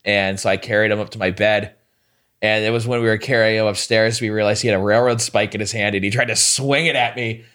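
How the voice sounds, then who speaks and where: A man appearing as a comedian guest on a podcast, telling stories with a lot of filler in an animated way. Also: lowish voice, fast. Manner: animated storyteller, lots of filler. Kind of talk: casual chat.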